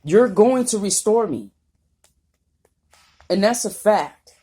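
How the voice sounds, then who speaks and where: A woman's voice: medium pitch, animated, slow, dark tone, husky. A woman vlogger talking off the cuff in a rambling, profane, confrontational rant. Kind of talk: unscripted vlog monologue.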